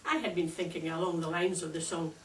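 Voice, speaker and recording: An older woman with a Scottish accent delivering a prepared, humorous speech at a speakers club in a wry, measured, deliberate way. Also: on the low side, fairly even intonation. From Scotland. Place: club meeting room. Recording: echoey room, distant mic, faint hiss.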